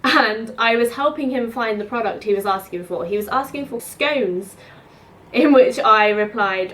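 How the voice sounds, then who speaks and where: A woman's voice: mid-range voice, unhurried. Chatty young woman telling stories. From England. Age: 20s. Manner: chatty and animated, acts out both sides of conversations. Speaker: vlogger. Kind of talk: casual storytelling vlog. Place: her home.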